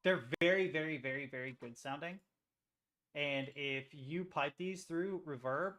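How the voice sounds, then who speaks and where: A man's voice: a little high, fairly bright tone. A man streaming, chatting casually in a rambling, self-interrupting way while he makes music on a computer, swearing now and then.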